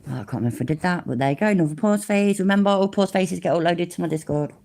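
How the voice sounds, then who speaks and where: A woman's voice: lowish voice, very fast, noisy background. A woman giving rambling, sarcastic live-stream commentary on a video and swearing freely.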